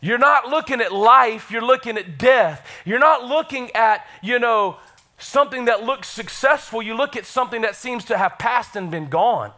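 A middle-aged man preaching a sermon in a church, energetic and calling out to the congregation. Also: extremely high pitch, moderate pace. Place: church sanctuary.

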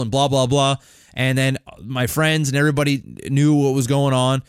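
A man's voice: mid-range voice, moderate pace, smooth, no echo, studio quality. A man co-hosting a podcast, telling a long childhood story in a rambling, profane, casual way. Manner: rambling, profane, animated when excited. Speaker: podcast co-host.

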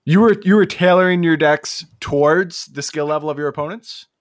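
A man hosting a casual podcast chat, relaxed and musing, a little self-mocking. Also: fairly high pitch, a little fast. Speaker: podcast host.

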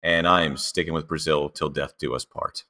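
A man's voice: rumbling low, steady tone, normal speed, pushed and bright. A man co-hosting a podcast, talking in playful, cheeky banter. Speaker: podcast co-host.

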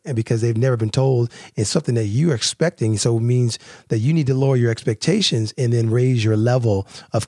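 A man's voice: medium pitch, darkish tone, no room sound, studio quality. Rambling man giving relationship advice. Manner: rambling, conversational, many fillers and restarts. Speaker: podcast host. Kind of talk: casual relationship advice talk.

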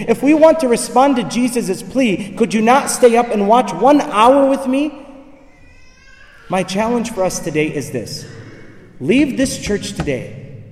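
A man's voice: high voice, a little mellow. A male priest preaching a sermon with impassioned, repeated rhetorical questions, recorded from far off in a church. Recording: echoey church hall from far off.

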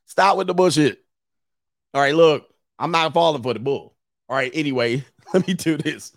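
A man's voice: a little high, moderate pace, dry recording, clean studio sound. A man, scolding and mocking in a ranting commentary monologue, laughing often. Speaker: commentary host.

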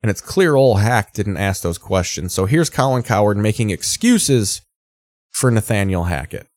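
Casual male host, low voice, sarcastic and swearing, dry close sound. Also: animated, moderate pace, darkish tone, no room sound. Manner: sarcastic, rambling, swears freely. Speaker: host reacting to football broadcast clips. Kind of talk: casual profane commentary.

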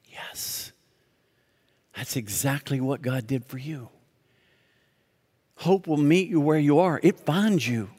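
A man's voice: on the high side, expressive, a little mellow. Emphatic male pastor in a reverberant hall. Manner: emphatic, rhetorical questions, dramatic slowdowns. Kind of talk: sermon.

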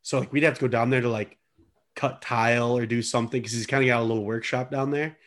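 A man's voice: medium pitch, fairly even intonation, fast, fairly bright tone. A man co-hosting a podcast, joking and swearing freely in casual chat. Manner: joking, swears often, laughs a lot. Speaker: podcast co-host.

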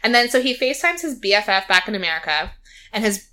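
A woman's voice: mid-range voice, sing-song, fast, pushed and bright. A woman in casual chat, animatedly retelling a reality show to a friend, quoting its people and laughing often. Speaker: podcast co-host recapping a reality show.

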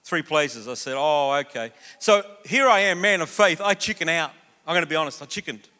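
High, bright pastor, echoing hall. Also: male voice, brisk. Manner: animated, acts out quoted voices. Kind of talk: sermon with storytelling. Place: church auditorium. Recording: long reverb of a church hall.

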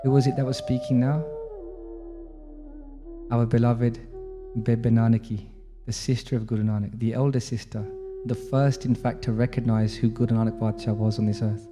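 A man's voice: mid-range voice, steady tone, normal speed, long pauses. Reverent man telling a devotional story. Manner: reverent, intimate storytelling with quoted prayers. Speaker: religious teacher. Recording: faint music under reverberant room.

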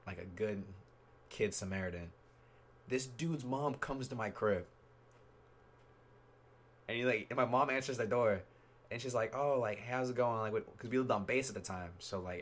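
A man's voice: lowish voice, brisk. A young man hosting a podcast, telling stories in a laid-back, slangy way and laughing often. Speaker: podcast host. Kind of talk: casual chat.

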